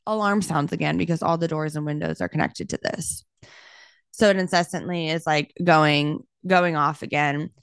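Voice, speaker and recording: Low, smooth-voiced young woman telling a story. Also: normal speed, dry recording, studio quality. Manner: animated, talks with her hands, heavy use of "like". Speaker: realtor and podcast host. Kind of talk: casual storytelling.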